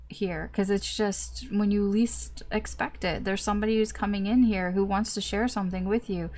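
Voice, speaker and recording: A woman's voice: mid-range voice, darkish tone. A young woman giving a casual tarot reading, chatty and full of fillers, acting out little reactions as she goes. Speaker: tarot reader.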